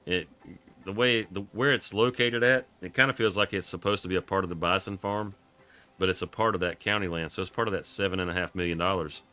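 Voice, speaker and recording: Deep-voiced froggy man streaming a farm game. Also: fast, sharp tone. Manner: laid-back, rambling, chuckles often. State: froggy from coughing. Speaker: live streamer playing a farming game. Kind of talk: casual gameplay commentary.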